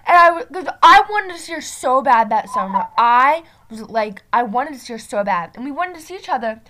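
High-voiced chatty teen girl. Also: expressive, a little fast, bright, forceful tone. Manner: chatty, many fillers, giggly storytelling. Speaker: vlogger. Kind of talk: casual chat. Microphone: video call.

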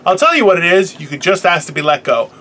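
A man's voice: high-pitched, sing-song, fast, pushed and bright, slight background noise. A man in casual comedic chat, telling crude, self-mocking stories and acting out the voices of the people in them. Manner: acts out quoted voices.

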